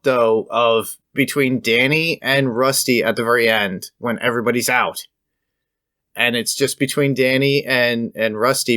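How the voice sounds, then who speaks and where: A man's voice: medium pitch, fairly bright tone, dry recording, studio quality. A man co-hosting a podcast, talking about a film in an easygoing way and laughing often. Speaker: podcast co-host. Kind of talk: casual movie review chat.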